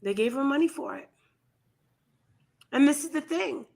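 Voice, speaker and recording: A woman hosting a casual commentary chat, talking in a blunt, animated and scornful way. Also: sits high, normal speed, vocal fry. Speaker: commentary channel host.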